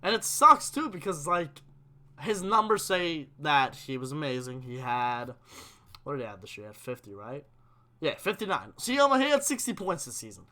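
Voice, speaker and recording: Young male live-stream host, excitable and opinionated, bright tense tone. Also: on the high side, normal speed. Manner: animated, gets worked up, reads chat questions aloud. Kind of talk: casual live-stream hockey chat.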